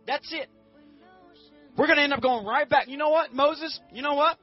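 Preacher guy doing freaked-out whiny israelites, high and loud. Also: dull audio, soft background music. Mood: panicked whining. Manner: whiny, incredulous, rapid complaining. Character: panicked complaining Israelites, whiny and scared.

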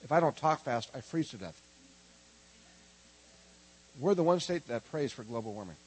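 Animated joking preacher, husky voice. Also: male voice, mid-range voice, moderate pace, low-quality recording. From Minnesota. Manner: animated, joking, calls for congregation response. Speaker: preacher teaching a prophetic ministry school. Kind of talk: lively humorous sermon.

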